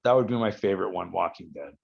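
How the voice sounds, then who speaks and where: A man, a wrestler being interviewed, telling rambling stories with halting restarts. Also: low-pitched, lively intonation, gravelly, slightly rough. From United States. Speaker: guest, professional wrestler. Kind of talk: casual podcast interview. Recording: slightly dull lo-fi audio.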